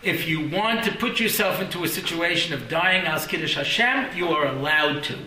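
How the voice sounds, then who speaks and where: A man's voice: on the high side, animated, normal speed, sharp tone, echoey room, a little hiss or hum, poor audio. A man teaching a Torah class, telling stories with jokes and acted-out voices and often checking in with "yeah?".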